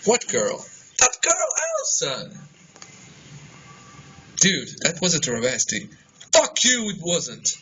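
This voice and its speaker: A man's voice: fairly high pitch, wildly swooping pitch, takes it slowly, pauses often, full character voice. A man playing a sarcastic, teasing friend. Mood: mocking. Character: skeptical young male friend, mocking. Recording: dull, noisy amateur audio.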